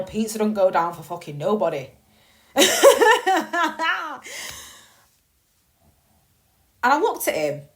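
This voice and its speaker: A woman, likely in her thirties, telling a personal family story in a candid, swearing podcast monologue. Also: mid-range voice. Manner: candid and profane, swinging between slow reflection and bursts of emphasis. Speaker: podcast host.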